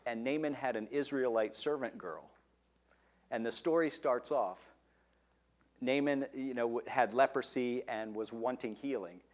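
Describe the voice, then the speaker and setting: Male preacher, mid-high voice, emphatic sermon delivery with questions to the room. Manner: asks the listeners questions, stresses key words.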